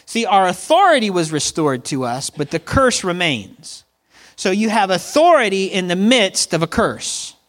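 A man's voice: sits high, big pitch swings, measured pace, fairly bright tone. A middle-aged man preaching a conversational sermon, calling on the congregation to respond to him. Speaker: pastor.

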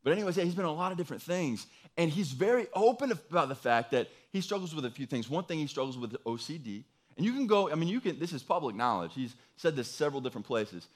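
A man's voice: a little high, big pitch swings, fast, few pauses. A young man preaching a casual, humorous sermon, chatty and joking, full of fillers like "like" and "you know".

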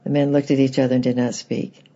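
Husky, gravelly man reading a storybook. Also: mid-range voice, flat delivery, fast talker, dark tone, highs cut off. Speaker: reader of a children's book. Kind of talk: storybook read-aloud narration.

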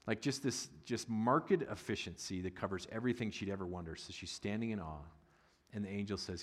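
A middle-aged man preaching a sermon as a pastor, conversational and humorous with loud excited bursts. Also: fairly low pitch, brisk, long reverb tail.

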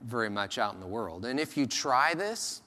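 A man preaching a sermon as pastor, in a conversational, animated way, sometimes acting out the voices of people he quotes. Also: mid-range voice, normal speed, in a large hall.

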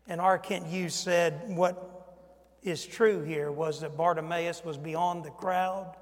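A man from Mississippi in his fifties with a Southern accent, preaching a sermon in a folksy storytelling way that swings from quiet asides to loud preaching. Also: a little high, fairly even intonation, slow, in a large hall. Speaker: pastor.

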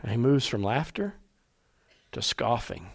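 A man preaching a sermon, animated, acting out quoted voices and dropping at times to a hushed tone. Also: medium pitch, measured pace, vocal fry, slightly rough. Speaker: pastor.

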